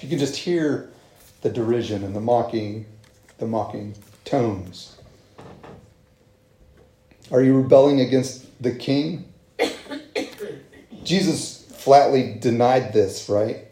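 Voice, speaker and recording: Mellow-voiced man preaching in an echoey hall. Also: mid-range voice, slow pace, long pauses. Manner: conversational, with frequent fillers and rhetorical asides. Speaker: pastor. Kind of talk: sermon.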